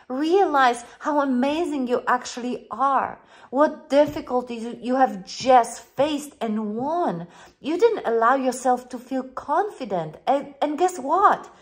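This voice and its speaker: A woman life coach, speaking English as a second language, giving an earnest, encouraging motivational talk straight to her viewers. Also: high-pitched. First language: not English. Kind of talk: motivational monologue to camera.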